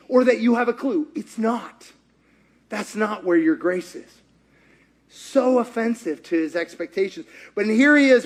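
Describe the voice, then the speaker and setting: Guy preaching, kinda high voice, acts out all the characters, chatty. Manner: acts out quotes in character voices, lively and conversational. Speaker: pastor. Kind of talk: animated sermon storytelling.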